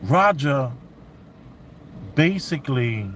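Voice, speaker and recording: A man telling a story in casual commentary, animated and slangy, acting out what others said. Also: mid-range voice, takes it slowly, a little hiss or hum. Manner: animated, acts out quotes, slang.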